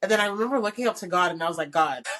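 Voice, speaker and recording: A woman's voice: medium pitch, racing. A young woman hosting a podcast, telling a personal story in casual chat, full of "like" and acted-out quoted dialogue. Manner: candid, animated quoted dialogue, frequent "like". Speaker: podcast host.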